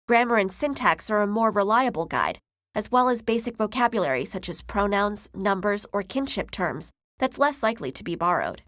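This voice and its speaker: Female narrator, measured and explanatory, scripted, dry close recording. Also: medium pitch, a bit bright, dry recording.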